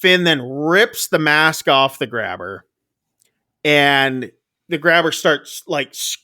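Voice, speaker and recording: A man's voice: on the high side, lively intonation, slow, sharp tone. A man co-hosting a casual movie review, retelling the plot loosely with many fillers. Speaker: podcast co-host.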